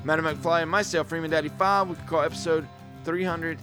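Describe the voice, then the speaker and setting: An upbeat male podcast host with a slightly high voice jokes with his co-hosts and wraps up the episode. Music plays clearly behind him. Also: fairly even intonation. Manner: upbeat, jokey, quick to laugh. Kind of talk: casual podcast chat and sign-off.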